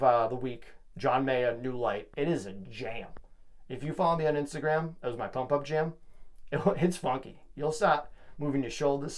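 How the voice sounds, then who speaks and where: Rambling jokey young podcast host. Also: male voice, medium pitch. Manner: rambling, jokey, self-hyping. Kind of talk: casual solo podcast monologue.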